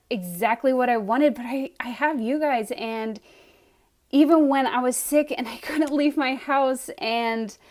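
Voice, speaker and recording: A young adult woman, an author, chatting earnestly on a live stream to her readers, gushing, with soft laughs and trailing starts. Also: a little high. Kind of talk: heartfelt live stream chat.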